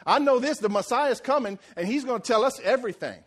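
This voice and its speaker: A male preacher voices a blunt Samaritan woman at the well, quick with a comeback. Her talk is casual and streetwise, set fairly high. It is part of a retold Bible story in a sermon. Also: lively intonation, slightly rough. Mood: sassy.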